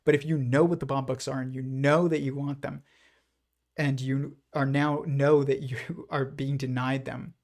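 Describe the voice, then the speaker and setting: Medium in pitch and flat in delivery, this livestream host talks at a moderate pace with a slightly mellow voice. His casual monologue wanders reflectively through his ideas, with plenty of fillers and restarts.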